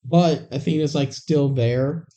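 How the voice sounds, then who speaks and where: A man's voice: on the high side, unhurried, mellow. A man co-hosting a podcast, casually retelling a movie's plot with lots of fillers. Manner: rambling with many fillers. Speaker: podcast co-host. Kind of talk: casual movie recap chat.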